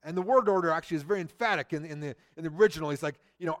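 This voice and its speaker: A middle-aged man preaching a sermon, who swings from loud emphasis to a hushed near-whisper. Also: sits high, very fast, few pauses. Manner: acts out quoted people in lively voices. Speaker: pastor.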